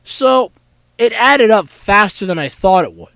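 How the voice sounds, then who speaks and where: A man with a high, animated voice hosts a casual solo podcast, sounding nasal and congested from a cold. He rambles along with plenty of fillers and pauses. The sound is dry and close, with a smooth, clear tone under the stuffiness. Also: no echo, poor audio. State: nasal from a head cold, sore throat. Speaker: podcast host.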